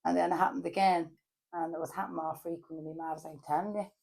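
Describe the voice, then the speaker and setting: Podcast guest: woman, Dublin accent, lower register, halting and filler-heavy, perks up for anecdotes. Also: creaky. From Ireland. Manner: hesitant, many fillers, animated when telling stories. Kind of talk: casual chat.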